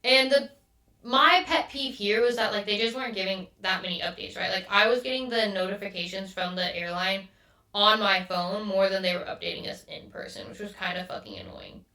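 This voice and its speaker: A woman's voice: mid-range voice, a little fast, pushed and bright. A woman hosting a podcast, telling a story in a casual, exasperated rant and swearing often. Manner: exasperated, swears a lot, quotes others mid-story. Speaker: podcast host. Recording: echoey room, mic at a distance.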